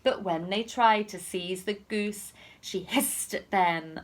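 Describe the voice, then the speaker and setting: A woman's voice: medium pitch, slow, hardly any pauses. A woman teacher reading a picture book aloud to children in a sing-song storytelling manner.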